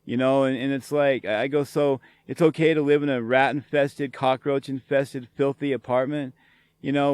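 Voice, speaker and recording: A middle-aged man rants in an angry, profane, sarcastic flow as a show host. His voice is smooth and resonant, and it sits at an ordinary middle pitch. The recording is close and dry, with no room sound. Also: a little mellow, dry recording. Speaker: podcast host. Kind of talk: ranting solo commentary.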